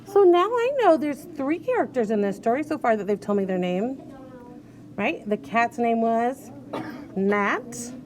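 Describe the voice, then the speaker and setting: A woman teaching young children to read, coaxing them along as she sounds out each letter. Her voice sits high and bright. She takes her time, with an unhurried pace. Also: very animated, slight background noise. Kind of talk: reading lesson for young children.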